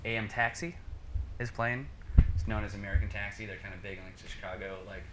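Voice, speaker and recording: Man, low voice, casual storytelling, lots of "like", echoey room, background noise. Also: fast. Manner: animated, acts out dialogue, many fillers. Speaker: podcast guest, musician.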